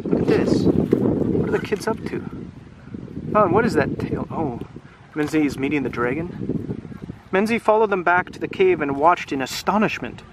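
Lively man reading a storybook outdoors in wind. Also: a little high, moderate pace, pauses often. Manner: lively, chatty, asks the listener questions. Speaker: English teacher reading to children. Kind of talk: read-aloud storytelling with questions. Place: outdoors by water. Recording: loud wind noise outdoors.

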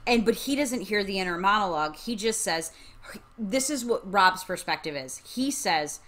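A woman's voice: medium pitch, expressive, normal speed, fairly bright tone. A woman co-hosting a casual book-discussion podcast, talking in a conversational way. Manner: conversational, with restarts and fillers like "like". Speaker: podcast co-host.

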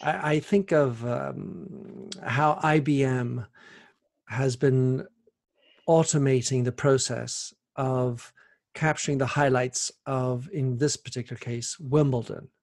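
A man's voice: mid-range voice, slow pace, creaky, darkish tone. A man hosting an interview podcast, asking long, winding questions full of restarts and fillers. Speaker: podcast host.

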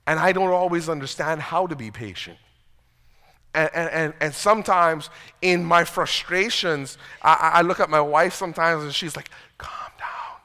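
Bright-voiced man preaching in a reverberant hall. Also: on the high side, normal speed. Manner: conversational, self-deprecating, repeats words when starting sentences. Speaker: pastor. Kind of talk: sermon. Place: church sanctuary. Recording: long reverb of a church hall.

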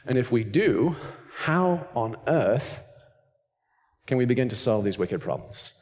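A man giving a lecture in a measured, deliberate way. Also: mid-range voice, big pitch swings, a little mellow, big-room sound.

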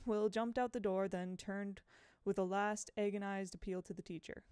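A woman reading a novel aloud in a measured, expressive way, close to the mic. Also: mid-range voice, clean tone, no room sound. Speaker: audiobook reader.

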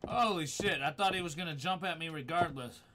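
A man's voice: on the high side, brisk, background noise. A man streaming a horror game live, swearing freely, startling easily and talking back to his chat. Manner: profane, jumpy, talks back to chat. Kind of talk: live gaming stream commentary. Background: game music.

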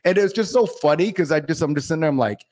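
Laid-back podcast host, swearing freely. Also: male voice, on the high side, racing. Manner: profane, animated storytelling with frequent laughs. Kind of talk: casual chat.

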